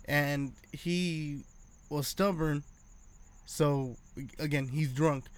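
A man's voice: on the high side, drawn-out words. A man telling stories in casual chat, swearing freely and acting out the people in them. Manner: profane animated storytelling.

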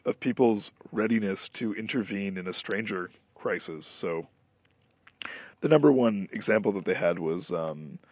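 A young adult man hosting a podcast, telling a long, profane, animated story in casual chat. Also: deep voice, no echo. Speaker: podcast host.

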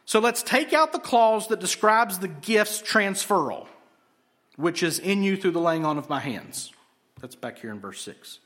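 A man preaching an expository sermon to a congregation, lively and joking, full of rhetorical questions. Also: high-pitched, unhurried. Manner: animated, asks rhetorical questions, jokes. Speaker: pastor.

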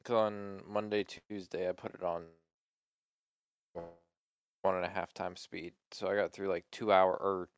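A young man with a low voice co-hosts a casual chat show. He talks loosely, full of fillers and the odd swear word. The sound is dry and close. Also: level tone, a little slow, pauses often, clean tone, no echo. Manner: loose, swears often, trailing filler words. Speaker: podcast co-host.

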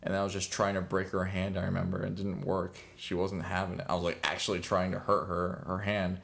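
A man's voice: sits low, little pitch movement, brisk, creaky, fairly bright tone. A young man chatting casually as a podcast co-host, rambling with lots of fillers and frequent laughs. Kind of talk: casual chat.

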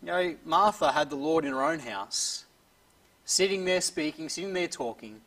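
Man preaching a sermon, kinda husky, earnest, fades soft at line ends. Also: on the high side, lively intonation, moderate pace, far from the mic, low-quality recording. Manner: earnest, drops softly at phrase ends. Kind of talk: expository sermon.

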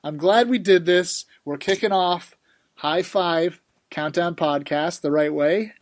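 A man's voice: high voice, takes it slowly. A man hosting a casual podcast, upbeat and teasing. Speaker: podcast host. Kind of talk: casual chat.

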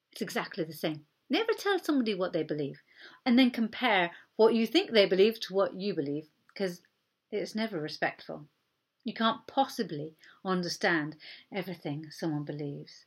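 Breathy woman preaching gently. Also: fairly low pitch, expressive, normal speed. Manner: earnest, gentle, drops to soft near-whispers for emphasis. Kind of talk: sermon.

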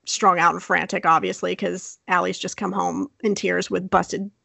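Young woman w a gravelly voice, chatty storytelling, dry close mic, laughs a lot. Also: lowish voice, moderate pace, dry recording. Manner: animated, laughing often, acts out quotes. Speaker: podcast co-host. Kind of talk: casual storytelling chat.

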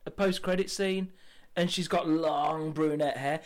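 Male podcast co-host, animated storyteller, casual and sweary, slightly high pitch. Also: measured pace, crowd noise. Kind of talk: casual banter.

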